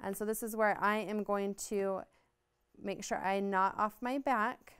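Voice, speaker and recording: Patient woman teaching embroidery, very smooth voice. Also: mid-range voice, steady tone, unhurried, fairly bright tone. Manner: patient, explanatory, upbeat. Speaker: embroidery instructor. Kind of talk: step-by-step craft tutorial.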